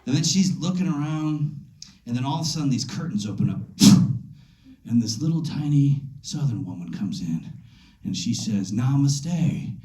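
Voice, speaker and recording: A man doing a stand-up comedy set on a club stage into a handheld mic, telling an animated story full of fillers. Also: mid-range voice, moderate pace. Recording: echoey club room.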